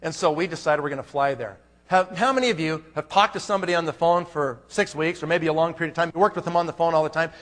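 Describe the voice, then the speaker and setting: A man on stage at a business conference tells a story to the audience, acting out both sides of his phone calls. His voice sits high for a man. The sound rings with the long reverb of a large hall. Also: fairly bright tone. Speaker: conference speaker. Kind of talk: motivational conference talk.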